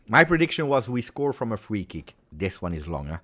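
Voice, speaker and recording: A man giving live football reaction commentary, excitable play-by-play mixed with exclamations. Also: lowish voice, moderate pace. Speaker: football watch-along streamer.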